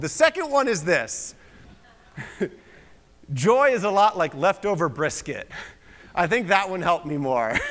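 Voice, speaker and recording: A young man from Pennsylvania preaches as a guest in a church sanctuary, mixing casual asides and gentle self-mocking humor into his sermon. His voice sits a little higher than most men's, and the big room lets each phrase ring out in a long reverb. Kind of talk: conversational sermon. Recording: long reverb of a large hall.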